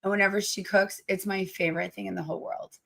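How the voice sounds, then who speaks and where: Hoarse, gravelly-voiced woman teacher. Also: medium pitch, fairly even intonation, fast talker, fairly bright tone. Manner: gushing, affectionate to viewers. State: hoarse from damaged vocal cords. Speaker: teacher hosting a livestream. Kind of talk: casual livestream chat.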